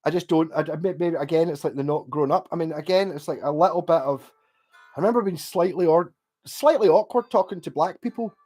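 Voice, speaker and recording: A man's voice: sits high, a little mellow. Rambling Scottish man on a livestream. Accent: Glaswegian Scottish, softened. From Scotland. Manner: rambling, restarts often, swears freely, laughs between thoughts. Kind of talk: casual livestream chat, answering viewer comments.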